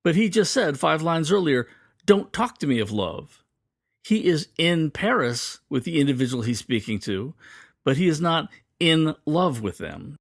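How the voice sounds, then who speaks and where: Lively man teaching poetry. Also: a little high, vocal fry, no echo, clean studio sound. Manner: lively, reads quoted lines slowly and dramatically. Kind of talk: explanatory lesson with poem readings.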